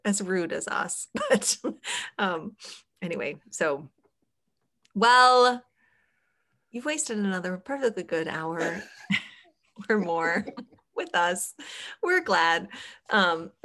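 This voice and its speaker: A woman's voice: mid-range voice, sing-song, takes it slowly, pauses often, a bit bright. A middle-aged woman hosting a podcast, chatting casually with frequent fillers and laughs. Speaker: podcast host.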